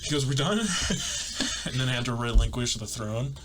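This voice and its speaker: A man's voice: medium pitch, fairly even intonation, normal speed, very noisy. A young man co-hosting a casual podcast, laughing often and acting out quotes as he tells stories. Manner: laughing storyteller, acts out quotes. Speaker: podcast co-host. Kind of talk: casual chat.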